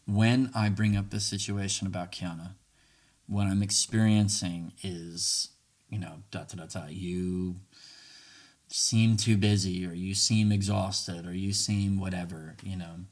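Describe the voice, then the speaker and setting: A man's voice: low-pitched, steady tone, measured pace, darkish tone. A man hosting a podcast, earnestly teaching communication tools and acting out sample dialogue. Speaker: podcast host. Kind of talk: casual teaching monologue.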